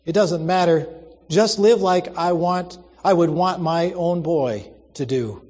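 A soft-spoken, self-sacrificing old convict, read by a man in a storybook recording. He pleads gently and sounds quietly resigned, at a slightly raised pitch. A long reverb hangs behind the voice. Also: takes it slowly, breathy edge. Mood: pleading.

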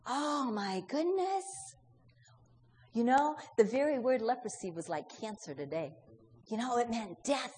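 A woman preaches, telling a story and putting question after question to her listeners, now and then voicing its characters. Her voice sits fairly high and rings out into a long hall reverb. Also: big pitch swings, moderate pace, darkish tone. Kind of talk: storytelling sermon.

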